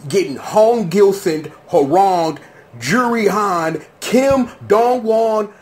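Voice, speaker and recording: A man hosting his own casual reaction commentary, slangy and rambling, breaking into high-pitched shouts of disbelief. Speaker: show host.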